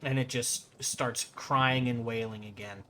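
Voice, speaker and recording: Bright-voiced man running a tabletop game. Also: medium pitch, steady tone, unhurried, a little hiss or hum. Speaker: game master.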